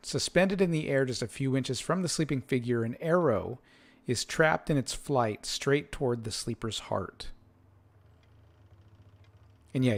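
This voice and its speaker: Slow-narrating male game master. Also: mid-range voice. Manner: slow, deliberate scene descriptions.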